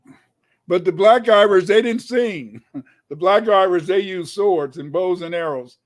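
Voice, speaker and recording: Emphatic male lecturer, high voice, repeats himself for stress. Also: a little slow. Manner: emphatic, rising to shouts, repeats phrases. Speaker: guest lecturer. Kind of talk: lecture-style talk reading old documents.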